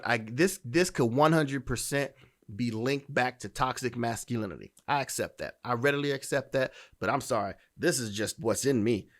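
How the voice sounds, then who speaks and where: A man's voice: mid-range voice, fairly bright tone. A man hosts a dating commentary podcast in a mid-range voice. He talks bluntly and emphatically, swearing freely and often restarting his sentences as he drives a point home. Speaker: podcast host.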